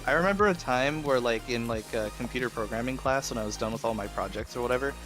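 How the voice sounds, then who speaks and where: A man's voice: mid-range voice, fast. A young man in casual chat on a game stream, rambling and playful. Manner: rambling, playful, trying out accents. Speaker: stream guest. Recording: game music playing behind.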